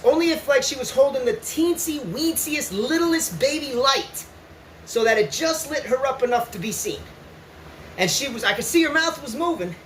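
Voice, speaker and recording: A man's voice: very high-pitched, fairly bright tone. A man telling his story to viewers while riding an exercise bike, in a rambling, profane way, often asking "right?". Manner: breaks into laughs. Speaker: vlogger. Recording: roomy echo with faint noise.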